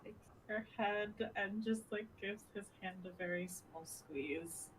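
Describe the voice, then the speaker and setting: A woman's voice: mid-range voice, flat delivery, moderate pace, background noise. A woman playing a tabletop game, casual and wry. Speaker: player.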